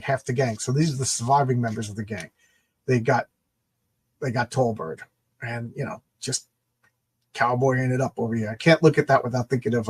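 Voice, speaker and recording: A man's voice: mid-range voice, slight background noise. A man hosting a casual comic book show, enthusiastically reading and rambling over old panels. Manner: enthusiastic, rambling, laughs and restarts often.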